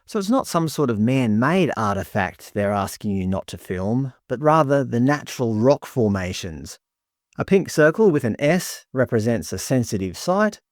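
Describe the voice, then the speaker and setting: Sarcastic man, lively voice. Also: medium pitch, normal speed, dry recording, studio quality. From Australia. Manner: sarcastic, indignant. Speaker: commentary vlogger. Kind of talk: scripted commentary.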